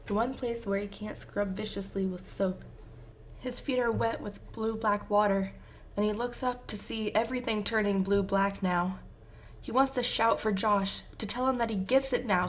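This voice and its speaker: A woman's voice: mid-range voice, slight background noise. A woman reading a fan fiction story aloud with intense, emotive narration. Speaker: fanfiction reader.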